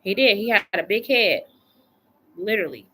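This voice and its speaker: A woman's voice: medium pitch, expressive, moderate pace, bright, forceful tone. A woman doing a casual live tarot reading from home, chatty and colloquial, repeating phrases for emphasis. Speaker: tarot reader.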